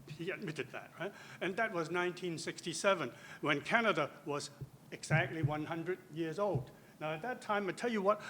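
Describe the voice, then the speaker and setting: A man's voice: fairly high pitch, a bit bright, slight background noise. An older man giving a conference lecture, chatty and joking, with lots of asides. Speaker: guest lecturer. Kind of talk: conference talk.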